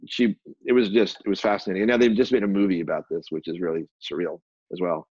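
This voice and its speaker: This American interview guest, a photographer and publisher, rambles through candid stories and acts out what others said to him. His deep voice is steady, darkish and slightly rough, and he talks fast. The recording is dry, dull and lo-fi.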